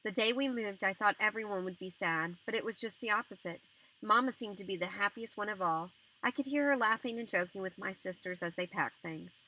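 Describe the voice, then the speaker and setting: A woman narrating a novel as an audiobook reader, in a gentle, earnest storytelling manner. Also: mid-range voice, rough recording.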